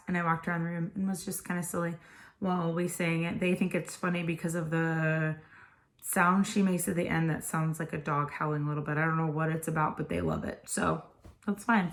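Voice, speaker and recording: Chatty, tired woman tutor, low-voiced. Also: a little hiss or hum. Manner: chatty, explains step by step. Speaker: homeschool tutor. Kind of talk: casual instructional video.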